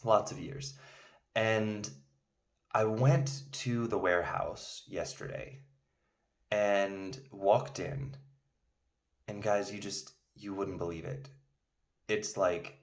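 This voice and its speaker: A man's voice: fairly low pitch, fairly even intonation, takes it slowly, long pauses. A man casually telling a made-up story to camera, rambling with many fillers and restarts. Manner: acts out indignant outbursts in the story. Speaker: video host telling a story.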